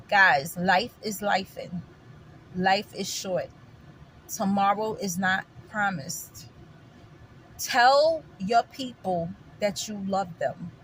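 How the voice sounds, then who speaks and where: A woman's voice: medium pitch, a bit bright, a little hiss or hum. Emphatic New York woman vlogger. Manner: emphatic, repetitive, addresses viewers as guys. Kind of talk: opinionated casual chat to camera.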